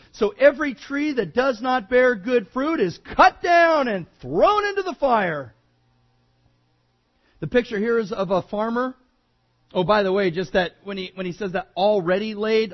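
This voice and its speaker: A man's voice: high-pitched, breathy edge, lo-fi sound. A male preacher giving a verse-by-verse sermon in an emphatic, conversational way, often repeating himself.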